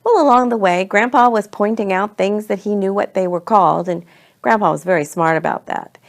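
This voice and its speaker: A woman telling a homey family story in an unhurried, conversational way. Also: mid-range voice. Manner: homey, unhurried, slips between we and they. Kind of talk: storytelling to children.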